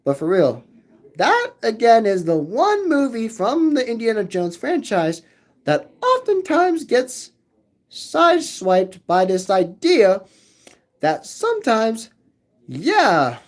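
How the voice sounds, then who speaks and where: A man with a fairly high voice hosts a livestream and rambles to his viewers, swooping up and down in pitch. He drawls slowly and loops the same words over and over in a sing-song way. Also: huge pitch swings. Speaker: livestream host reading chat. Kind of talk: rambling live chat with viewers.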